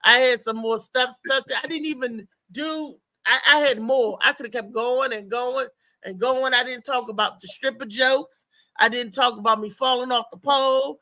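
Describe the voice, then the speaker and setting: A woman comedian telling comic stories in casual chat, animated and laughing, acting out the people in her stories. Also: fairly high pitch, normal speed, no echo. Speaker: stand-up comedian guest.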